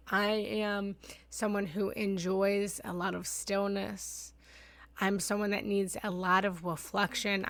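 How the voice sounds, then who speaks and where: A woman's voice: medium pitch, vocal fry, bright, forceful tone, no room sound. A woman in her thirties, a meditation teacher sharing heartfelt personal reflections in a live online session, talking in flowing, repeated phrases.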